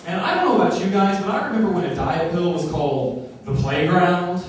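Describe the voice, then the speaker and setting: A young man doing deadpan stand-up comedy on a club stage, with a flat, dry delivery and pauses. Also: high-pitched, recorded from a distance. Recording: echoey room heard from afar, noisy.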